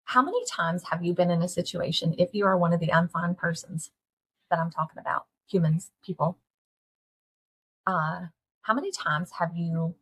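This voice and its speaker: A middle-aged woman talks straight to her listeners, earnest and folksy. Her voice sits on the low side and has a husky grain, and she keeps asking her audience direct questions. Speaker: podcast host. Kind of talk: candid solo talk to listeners.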